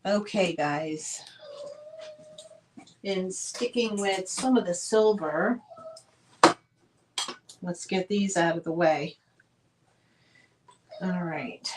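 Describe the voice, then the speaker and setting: Slow-talking chatty woman. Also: fairly low pitch, slight background noise, rough recording. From northern United States. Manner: chatty, gushing, talks to viewers directly. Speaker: online seller hosting a live sale. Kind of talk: casual live sale chat.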